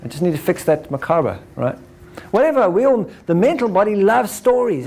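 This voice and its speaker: A man giving a lecture to an audience, animated, acting out examples and ending points with "right?". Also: sits high, moderate pace, hardly any pauses. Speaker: speaker.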